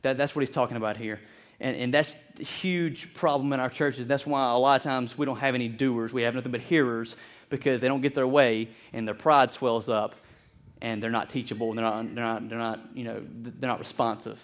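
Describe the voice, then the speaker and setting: A man preaching a sermon to his congregation, earnest and animated, often repeating words as he builds his point. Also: medium pitch, a little fast. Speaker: pastor.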